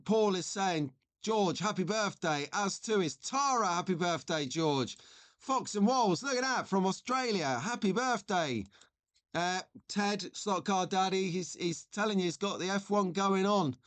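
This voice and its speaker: A man in his forties hosts a live stream, rambling casually and reading viewer messages aloud. His voice is high-pitched with a fairly bright tone.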